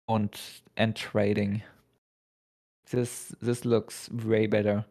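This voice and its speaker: Man, mid-pitched voice, slow pace, co-caster, halting color commentary. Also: level tone, vocal fry, darkish tone. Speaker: esports co-caster.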